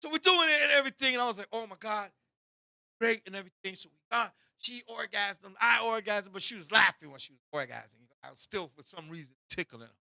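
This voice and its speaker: High, sharp-voiced man telling raunchy stories. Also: fast talker, gravelly, few pauses, dry recording, studio quality. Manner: animated, bursts into shouting, keeps addressing a co-host. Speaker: show host. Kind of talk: raunchy comedic storytelling.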